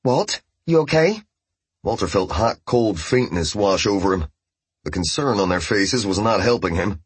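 A man reading a novel aloud as narrator, in a steady storytelling voice. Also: deep voice, normal speed, slightly rough, dry recording. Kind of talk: scripted audiobook narration.

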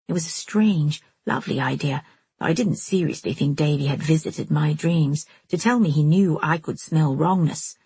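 Audiobook reader, husky low female voice, dry close mic. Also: normal speed, dry recording. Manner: steady, storytelling first-person. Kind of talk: audiobook narration.

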